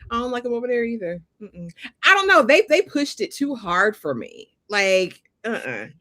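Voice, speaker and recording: A woman's voice: medium pitch, fairly bright tone. A woman in a casual comedic chat, blunt and emphatic, who repeats her lines for comic effect. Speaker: co-host.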